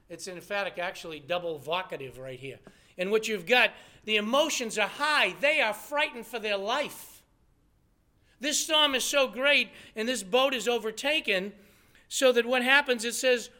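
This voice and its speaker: A man's voice: high voice, pushed and bright. A man preaching a sermon, emphatic and full of rhetorical questions. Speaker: pastor.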